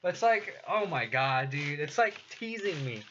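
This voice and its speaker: Young streamer guy, west coast american accent, animated voice, lo-fi audio. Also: fairly high pitch, moderate pace, background noise. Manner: laid-back, swears a lot, laughs often. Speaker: streamer playing a card game. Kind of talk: casual chat while gaming.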